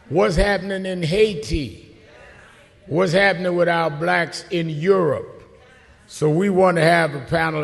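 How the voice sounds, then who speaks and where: A man with a Brooklyn accent introducing a panel with slow, rhetorical repeated questions. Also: on the high side, vocal fry. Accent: Brooklyn New York. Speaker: event host introducing a panel. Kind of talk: formal speech to a conference audience. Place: large conference hall. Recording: big hall with long reverb.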